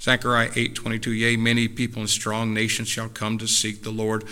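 A male preacher with a very bright, forceful voice delivers a sermon. He reads scripture references in a measured way, then drives his points home with rising, shouted emphasis, and slips into relaxed, joking asides with the congregation. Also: lowish voice, clean tone. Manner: drops to a casual, joking tone with the congregation.

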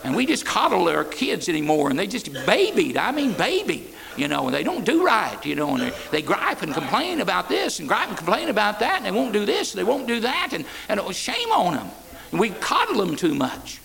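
A man preaches in a folksy, repetitive way. His voice sits high for a man and leaps all over the place, with a gravelly edge. He keeps calling out "amen" as he stumbles through restarts. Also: huge pitch swings, a little fast, bright, forceful tone, poor audio. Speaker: pastor. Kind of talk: sermon. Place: church.

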